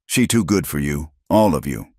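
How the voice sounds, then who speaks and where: A man voicing a large, calm male warrior who speaks simple, halting English with an accent. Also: extremely low pitch, slightly rough, no room sound, clean studio sound, full character voice. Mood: certain.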